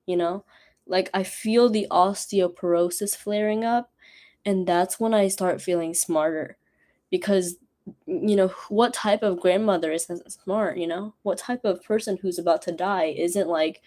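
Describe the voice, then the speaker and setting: A woman's voice: lowish voice, steady tone, measured pace, dark tone. A young woman, a college student, rambling casually on her study stream with self-mocking asides. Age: young adult.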